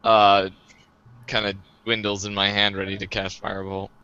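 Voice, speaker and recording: A man playing in a tabletop game, describing what his character does in an unhurried way. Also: fairly low pitch, monotone, bright, forceful tone, clean tone, lo-fi sound. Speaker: player. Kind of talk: casual tabletop game play.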